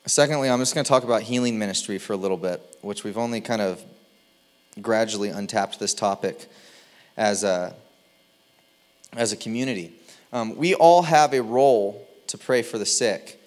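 Speaking at a moderate pace with a voice on the low side, a male pastor gives a relaxed, conversational sermon. His lively delivery keeps the mood light, with the occasional playful impression.

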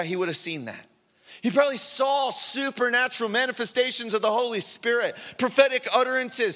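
A man preaching a sermon, telling a personal story with animated storytelling and acting out his inner dialogue. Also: extremely high pitch. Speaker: pastor. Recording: long hall reverb.

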